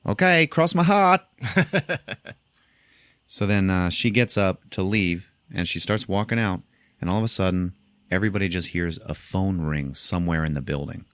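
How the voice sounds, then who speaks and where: A man's voice: sits low, fairly even intonation, fairly quick, clean tone, dry recording. A man hosting a podcast, casually retelling a film's plot and often laughing as he acts out lines. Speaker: podcast host. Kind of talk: casual film recap.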